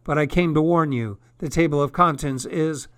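A man's voice: on the high side, moderate pace, a bit bright, clean tone, no echo, natural voice. A worried, fussy storybook narrator hurries his warning, voice lifted and flustered, as a man puts him on. Dry, close sound. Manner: flustered urgent repeating.

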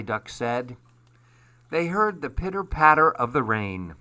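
Slow, gentle man reading a storybook. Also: mid-range voice, sing-song. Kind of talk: storybook read-aloud.

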